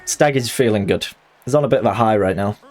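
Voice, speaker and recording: A man's voice: on the low side, fast, a little mellow. A young man chatting casually while streaming a fighting game, joking and putting on voices. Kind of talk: live game commentary.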